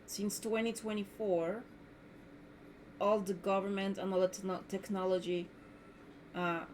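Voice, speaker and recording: A woman's voice: mid-range voice, level tone, a little slow, darkish tone, a little hiss or hum. A woman hosting her own podcast, delivering an indignant, repetitive rant as a solo monologue. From Mexico. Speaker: podcast host.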